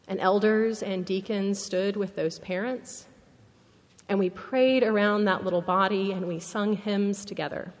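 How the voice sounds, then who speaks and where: A woman minister preaching a sermon, telling a story slowly and earnestly, dropping to a hushed, solemn tone. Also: medium pitch, fairly even intonation, long reverb tail. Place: church sanctuary.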